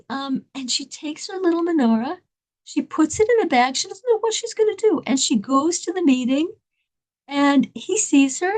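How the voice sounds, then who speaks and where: A woman telling an inspirational story in an animated, dramatic way, laughing between lines. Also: sits high.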